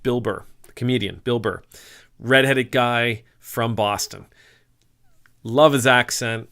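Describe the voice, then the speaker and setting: A man's voice: medium pitch, slow, fairly bright tone, smooth. A middle-aged man giving a conversational, sermon-like talk, musing aloud with restarts and sudden bursts of emphasis. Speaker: speaker giving a faith talk. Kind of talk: informal sermon-style talk.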